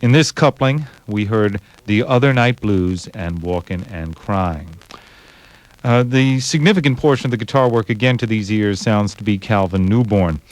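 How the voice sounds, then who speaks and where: A man hosting a radio program, giving measured, thoughtful commentary on old recordings with frequent pauses and hesitations. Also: fairly low pitch. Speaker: radio host. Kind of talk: radio jazz history commentary.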